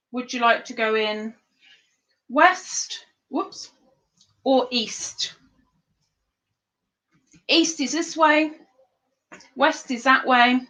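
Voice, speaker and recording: A woman's voice: sits high, fairly bright tone, low-quality recording. A woman hosting an online trivia board game on her stream, chatting to viewers and sometimes talking with her mouth full. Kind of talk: casual live-stream chat.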